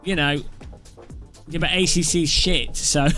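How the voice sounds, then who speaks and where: A man's voice: on the high side, steady tone, unhurried, pauses often, bright, forceful tone, faint music behind. A man hosting a gaming channel, chatting casually in a rambling, joking way. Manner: rambling and joking, with loose restarts. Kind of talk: casual chat.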